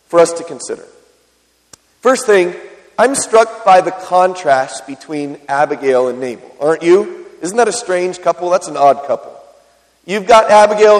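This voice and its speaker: Male pastor, higher voice, chatty sermon delivery with questions to the crowd, reverberant hall. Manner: conversational preaching with frequent questions to the congregation.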